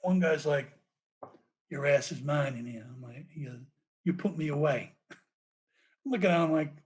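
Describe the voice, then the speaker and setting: Guy swearing a lot while telling a jail story on a podcast, voice a bit on the high side. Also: measured pace. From United States. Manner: profane, animated storytelling with laughs. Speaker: podcast guest, former police officer.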